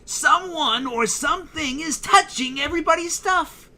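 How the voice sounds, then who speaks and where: A man forcing out a shrill, guttural cartoon boy, loud and strained. The voice sits high, far above his own, and sounds bright and tense. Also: measured pace, vocal fry, heavily acted. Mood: excited.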